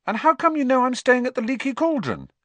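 A modest teenage boy, as a male narrator puts him on, pitched higher than the reader's own voice. He sounds sincere and a bit sheepish. The recording is dry and close. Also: wildly swooping pitch, a little fast, fairly bright tone, dry recording, exaggerated voice.

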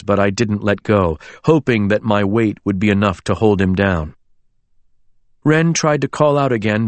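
A man reading a dramatic novel aloud as narrator, in an expressive way. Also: fairly low pitch, no echo. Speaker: audiobook narrator. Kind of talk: scripted narration.

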